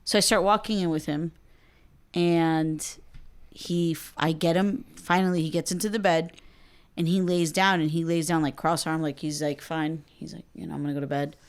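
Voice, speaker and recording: Young female podcast co-host, very low pitch, laid-back storyteller who quotes others. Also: fairly even intonation, moderate pace. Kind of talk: casual storytelling chat.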